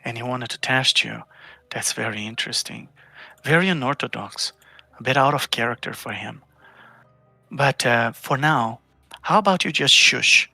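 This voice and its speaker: A cold-blooded, suspicious cult agent, voiced by a man in a tabletop game, his questions quiet and probing with a menacing edge. The voice is bright and tense. The sound is dry and close. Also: medium pitch, normal speed, gravelly, no echo, faint music behind, full character voice.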